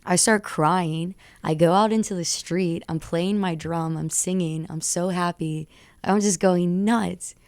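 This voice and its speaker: A young adult woman rapper talking as a radio guest, recounting stories in an excitable, tumbling way. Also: on the low side, measured pace, no room sound. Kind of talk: animated storytelling interview. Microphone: studio radio mic.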